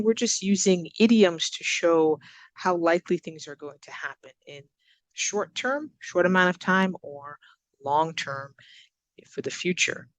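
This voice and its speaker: A woman teaching English to learners, giving example sentences and repeating words slowly with exaggerated stress. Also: fairly low pitch, dry recording. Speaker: ESL teacher. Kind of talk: recorded English lesson.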